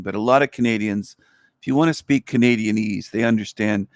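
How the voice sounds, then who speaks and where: A man's voice: on the low side, animated, a little fast, dry recording, clean studio sound. A middle-aged man hosting a livestream, talking in a blunt, crude, rambling and opinionated way. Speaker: livestream host. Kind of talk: casual rambling livestream monologue.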